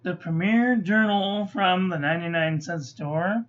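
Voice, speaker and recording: A woman's voice: on the low side, unhurried. A woman reviewing ink on paper in a casual chat, listing short verdicts with chatty asides. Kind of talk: casual hands-on review narration. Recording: slightly muffled lo-fi recording.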